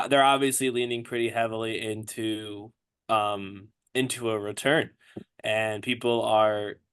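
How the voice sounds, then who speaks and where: A man's voice: lowish voice, a bit bright, clean tone. A man hosting a podcast in casual chat, rambling with lots of fillers and restarts. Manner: rambling, hesitant, many fillers and laughs. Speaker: podcast host.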